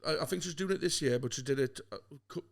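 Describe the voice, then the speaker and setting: A man co-hosting a casual podcast chat, telling animated stories and swearing now and then. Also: medium pitch, gravelly. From North East England. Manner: fast, animated storytelling, swears. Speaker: podcast co-host.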